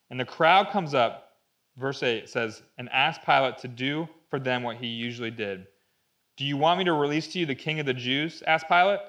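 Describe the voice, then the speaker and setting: A man preaching a sermon, reading scripture and retelling the story vividly, dropping to a hushed tone at dramatic moments. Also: medium pitch. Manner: storytelling, acting out voices in Bible readings. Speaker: pastor.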